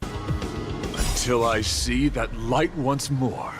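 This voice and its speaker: An actor playing a chivalrous male knight devoted to beauty, declaiming grandly in a game clip over loud music. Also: mid-range voice, extremely slow. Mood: noble.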